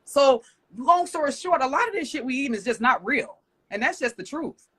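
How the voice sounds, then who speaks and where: A woman guest who owns an urban farming business, chatting casually in a blunt, rambling, animated way. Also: high voice, brisk. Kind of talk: casual chat.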